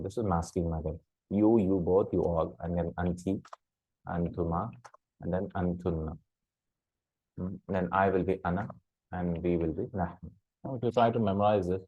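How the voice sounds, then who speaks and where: A man's voice: sits low, husky, no room sound, phone-quality sound. A man teaching Arabic grammar in a recorded lesson, patiently repeating words and checking in with "hmm?" and "right?".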